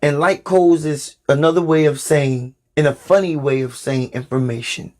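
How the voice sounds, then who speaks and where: A man hosting a spiritual podcast, delivering a sermon with slow, deliberate, preacherly emphasis. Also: a little high, a little mellow.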